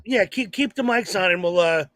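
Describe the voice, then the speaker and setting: A man co-hosting a comedy podcast, jumping in with quick remarks. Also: sits high, over a noisy crowd. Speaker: comedian co-host. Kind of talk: casual podcast banter.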